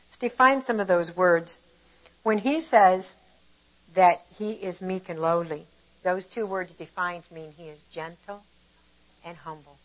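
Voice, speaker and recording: An older woman leads a devotional Bible lesson in a relaxed, chatty way. She moves easily between explaining scripture and telling lively stories from her own life. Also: on the low side, a little slow, rough recording. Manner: conversational and animated, shifting between warm explanation and lively retelling. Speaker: Bible teacher. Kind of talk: casual devotional teaching.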